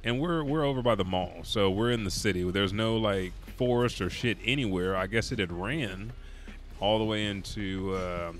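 At a moderate pace and with a lowish voice, a young Oklahoman streamer chats over his gameplay. Exhausted from an all-nighter, he drifts through profane, meandering anecdotes.

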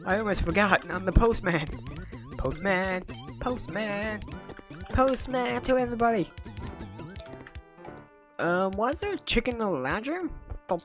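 A woman hosting a gaming video, giving casual commentary while she plays, excitable and blurting out reactions. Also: mid-range voice. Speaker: gaming channel host.

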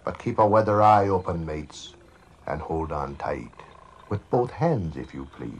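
Older guy putting on a salty pirate, super deep gravelly voice, slow and drawling. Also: animated, exaggerated voice. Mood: ominous. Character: salty old pirate giving a warning. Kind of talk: theme park ride narration.

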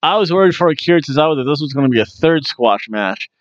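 A man's voice: on the high side, lively intonation, fast talker, no echo, dull audio. A man hosting a wrestling review, chatting casually in a jokey way with frequent ums. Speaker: wrestling review podcast host.

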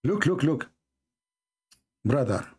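A man hosting a religious debate, reading a text aloud and mocking it sarcastically with sudden high-pitched jabs. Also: big pitch swings, takes it slowly, darkish tone, husky. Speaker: debate host.

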